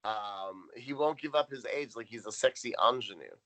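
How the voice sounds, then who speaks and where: A man's voice: mid-range voice, moderate pace, a bit bright, rough recording. A man co-hosting a podcast, casually recapping a sitcom episode from his notes, with lots of ums and restarts. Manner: rambling, reads out notes with frequent ums. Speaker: podcast co-host.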